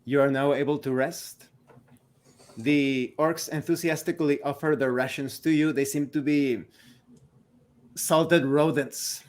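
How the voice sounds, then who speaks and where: A man narrating a tabletop game as game master, slow and deliberate. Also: a little high, steady tone.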